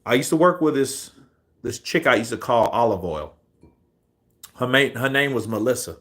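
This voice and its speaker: A man's voice: mid-range voice, animated, moderate pace, fairly bright tone. A man in his forties, a boxing commentary host, telling a rambling, profanity-laced story in a casual way.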